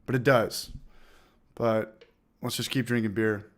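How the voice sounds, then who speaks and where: A man hosting a casual homebrewing livestream with a loose, profane manner, repeating phrases, giving shout-outs and now and then fighting off a smoker's cough. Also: fairly low pitch, steady tone, measured pace. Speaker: livestream host of a homebrewing channel. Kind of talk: casual livestream chat, reading out viewer comments.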